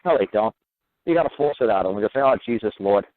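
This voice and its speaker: A man delivers a rambling, profane radio monologue at a rapid clip. He keeps circling back with "you know what". His voice sits low and comes through thin, as if over a phone line. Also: expressive. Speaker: radio show host. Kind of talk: radio talk show monologue. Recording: narrow phone-like radio audio.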